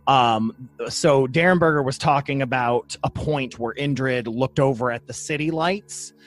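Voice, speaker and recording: A man's voice: medium pitch, a little slow. A man co-hosting a casual podcast, chatty and easygoing, reading quotes aloud and laughing easily. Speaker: podcast co-host. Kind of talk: casual chat about paranormal lore.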